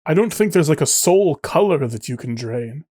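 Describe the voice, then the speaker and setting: A man's voice: on the high side, expressive, moderate pace, darkish tone. A man running a tabletop game as game master, narrating and playing characters in an offhand, dry way.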